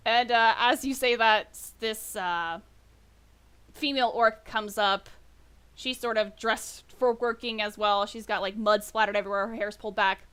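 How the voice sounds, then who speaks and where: A woman's voice: medium pitch, steady tone, normal speed, a bit bright, clean tone. A woman narrating a tabletop game as game master, rambling and correcting herself as she goes. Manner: rambling, self-correcting, laughs often.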